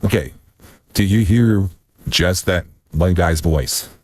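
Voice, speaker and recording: Low husky man muttering through a tech fix. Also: takes it slowly, dry recording. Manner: rambling and muttering, swearing under his breath. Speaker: streamer. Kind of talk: casual self-talk while troubleshooting audio. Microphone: desk mic with noise gate.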